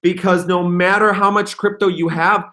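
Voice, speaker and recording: A young man hosting a casual livestream, talking in an excitable, rambling way and reading comments aloud. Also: high voice, moderate pace. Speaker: crypto livestream host.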